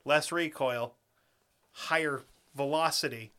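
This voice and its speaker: A man's voice: fairly high pitch, sharp tone, clear, resonant tone. A young man co-hosting a podcast, cursing freely, ranting and laughing, then reading a story aloud. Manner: profane, rants fast and laughs a lot. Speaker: podcast co-host.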